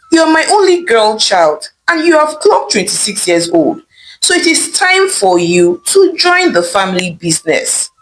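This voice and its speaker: A woman's voice: a little high, low-quality recording. A woman voicing a stern, worried mother who runs a food stall, with an insistent, pleading manner.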